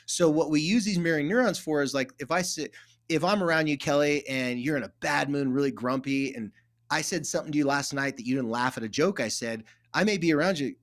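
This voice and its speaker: A middle-aged therapist from California, appearing as a guest, tells stories in casual conversation with a fairly high pitch and brisk pace. He is animated and acts out quoted dialogue.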